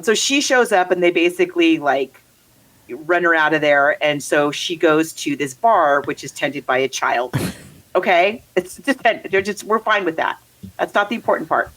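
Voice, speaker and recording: A woman in casual conversation, reviewing a movie with a co-host. Her voice sits slightly low, and she rambles with restarts and easy laughter. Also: fairly bright tone, poor audio. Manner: chatty, rambling, laughs often. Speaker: podcast co-host.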